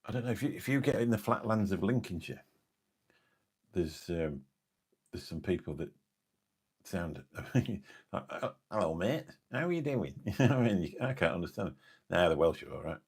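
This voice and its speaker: A very low-pitched English man in his fifties with a gravelly edge and a husky, rough tone. He chats on a late-night live stream, wandering from point to point and losing his thread as he answers viewers. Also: animated, normal speed, long pauses, darkish tone. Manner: rambling, forgetful, chatty, answers viewer comments. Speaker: live streamer and taxi driver.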